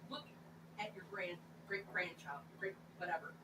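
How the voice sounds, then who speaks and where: A woman's voice: on the low side, normal speed. A woman speaking in a sing-song baby voice to her pets, heard off-mic in the room. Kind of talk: casual talk in the background. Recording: distant and echoey, with noise.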